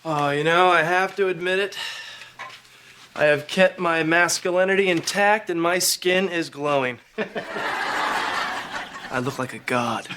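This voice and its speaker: A man's voice: on the high side, takes it slowly, long pauses, noisy background. An actor playing a vain, nervous man who exclaims and frets. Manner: jittery, exclaiming. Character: vain nervous middle-aged man at a massage.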